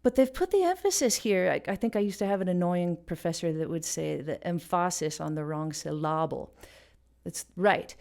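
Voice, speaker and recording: A woman's voice: fairly low pitch, brisk, creaky, hardly any pauses, a little mellow. A woman hosting a casual music lesson, explaining rhythm and stopping to sing and beatbox short examples. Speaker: music teacher and channel host.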